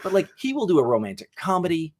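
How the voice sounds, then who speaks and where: A man's voice: high voice, huge pitch swings, fast talker, background noise. A young man talks movies with friends, eager and rambling, his delivery full of fillers. He sounds like a podcast host who gets carried away with his opinions. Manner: enthusiastic, rambling, lots of fillers. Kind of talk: casual movie review chat.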